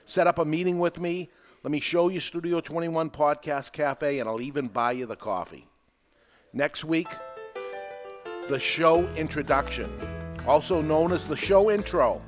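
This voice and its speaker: A man hosting his own podcast, talking in an animated, emphatic, conversational way. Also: fairly high pitch, unhurried, soft background music. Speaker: podcast host. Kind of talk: solo podcast monologue. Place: podcast studio.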